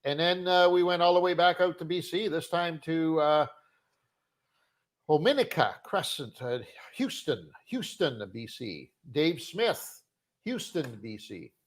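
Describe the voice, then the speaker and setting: A man from Canada co-hosting a fishing show livestream, joking and offhand in casual chat, often trailing off quietly. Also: a little high, expressive, measured pace. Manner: joking, offhand, drifts quieter at the end of phrases.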